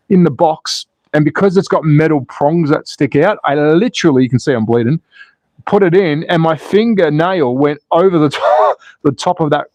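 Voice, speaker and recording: Indoors at home, a slot car channel host builds a track during a live stream, chatting casually, poking fun at himself, and reading the chat aloud. His voice is fairly high with a darkish tone, and there's no room sound.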